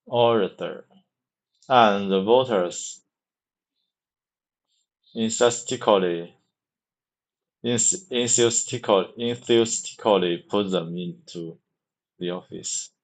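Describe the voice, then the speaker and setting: A man reads aloud at a very slow, careful pace, stumbling and saying words over several times. His voice sits on the low side. He sounds like someone practicing English pronunciation. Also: low-quality recording. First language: Mandarin. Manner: halting, repeats words many times, restarts.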